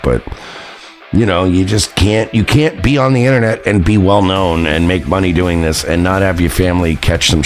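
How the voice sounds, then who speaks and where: A man hosting his own stream, rambling and mocking with heavy profanity and lots of fillers. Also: sits low. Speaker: streamer and show host. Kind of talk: casual stream commentary.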